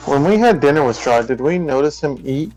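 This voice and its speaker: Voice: mid-range voice, lively intonation, brisk, darkish tone, faint music behind, poor audio. Wry, teasing tabletop player. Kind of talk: casual tabletop game banter.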